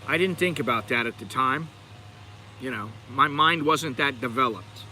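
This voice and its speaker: A man's voice: medium pitch, moderate pace, pushed and bright, a little hiss or hum. A middle-aged American man hosting his channel, rambling in a chatty, digressive way and talking straight to his viewers. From United States. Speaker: channel host. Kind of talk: rambling livestream chat.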